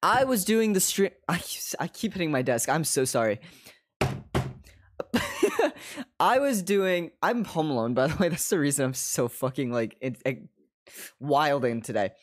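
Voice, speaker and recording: A young man talking to his stream from a desk at home, his pitch leaping up and down with lively energy. He swears constantly, breaks into laughs often, and slides in and out of put-on accents as he rambles. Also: a little slow. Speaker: live streamer. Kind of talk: casual stream chat.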